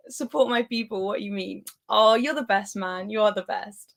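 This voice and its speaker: A young woman who grew up in Spain hosts a football live stream at home. She talks in a chatty, giggly way at an ordinary, middling pitch and reads viewers' comments aloud. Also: normal speed, gravelly, fairly bright tone. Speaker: football channel host. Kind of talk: casual live-stream chat.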